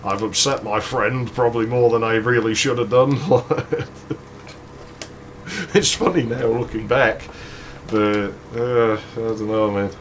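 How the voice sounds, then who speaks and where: A man's voice: on the low side, slow, a little hiss or hum. A man hosting a gaming channel, telling a crude, rambling story with frequent laughs. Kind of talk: casual storytelling over gameplay.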